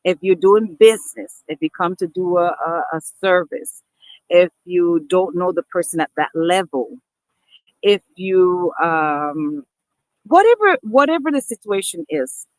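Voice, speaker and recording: This woman vlogger has a fairly low voice with lively intonation and a measured pace. She addresses her viewers earnestly as people, emphatic and prone to repeating and restarting phrases as she chats to camera. The audio is dry and rough.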